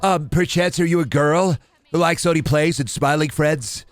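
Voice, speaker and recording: A man's voice: on the high side, normal speed, voice pushed up, natural voice. A man doing a smarmy nerdy suitor. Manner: pompous old-fashioned phrasing, wheedling. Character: awkward nerdy young man courting a lady.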